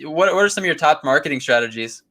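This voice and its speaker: Man, podcast host, bright forceful voice, enthusiastic, casual chat. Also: fairly high pitch, lively intonation, fast talker. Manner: enthusiastic, repeats words.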